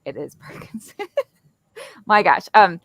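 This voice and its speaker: A woman's voice: fairly low pitch, measured pace, lo-fi sound. A woman co-hosting a podcast, explaining an upcoming online event in a chatty way and stumbling over her words now and then. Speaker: podcast co-host. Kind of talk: casual chat.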